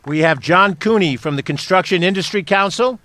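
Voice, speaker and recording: A man with a slightly high voice, a county executive, thanks people one by one at an outdoor stadium reopening. Faint noise sits under the recording. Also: a little fast, bright, forceful tone. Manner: reads out names and thanks them. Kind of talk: ceremony speech.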